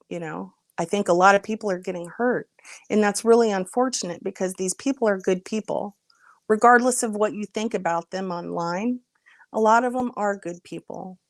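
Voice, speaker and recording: A woman in her thirties talks in an earnest, exasperated way on a livestream, breaking off to greet viewers by name. Her voice sits at an ordinary pitch. The recording is dry and close, with no room sound. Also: no room sound. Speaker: livestream host. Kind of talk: casual livestream chat.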